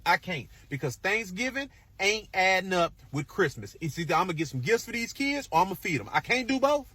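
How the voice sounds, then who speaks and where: A man delivering an exasperated, animated comedic rant. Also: high-pitched, brisk, breathy edge, no echo.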